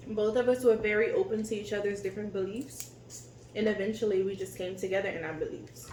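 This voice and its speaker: Animated woman telling stories, echoey room. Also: mid-range voice, fast, a little hiss or hum. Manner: animated, laughs easily. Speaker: co-host of a couple's channel. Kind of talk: casual storytelling chat.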